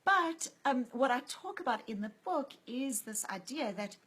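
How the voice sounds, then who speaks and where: A woman with a high, expressive voice talks at a moderate pace over a noisy crowd, and the recording quality is low. She's an author appearing as a guest in a conversational interview, telling stories and acting out the voices of the people she quotes.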